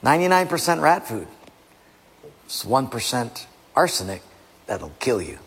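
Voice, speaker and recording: A male pastor preaching a sermon with animated delivery, acting out little skits and quizzing the listeners. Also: medium pitch, measured pace, breathy edge. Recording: long hall reverb.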